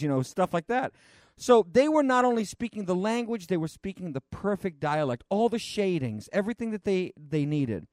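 A man preaching a conversational sermon, rambling and animated, with frequent restarts and fillers. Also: sits high, normal speed, no echo, studio quality.

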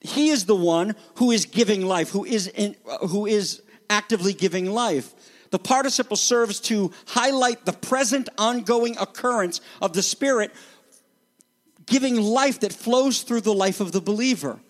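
High-voiced man preaching a sermon. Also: moderate pace. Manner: emphatic, dramatic teaching that acts out quoted voices. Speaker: pastor. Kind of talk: expository sermon.

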